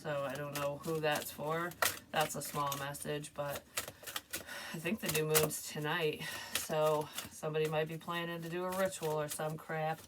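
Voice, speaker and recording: Low-voiced chatty woman reading tarot. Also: flat delivery, normal speed, very noisy. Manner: rambling, chatty, laughs often. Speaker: tarot reader. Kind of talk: casual tarot reading vlog.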